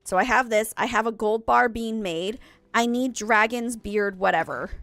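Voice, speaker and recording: Streaming a game, a young woman chats casually with her viewers, wandering off topic and frequently correcting herself through a stuffy nose. Her voice is fairly high and a bit bright at a moderate pace, recorded with no room sound.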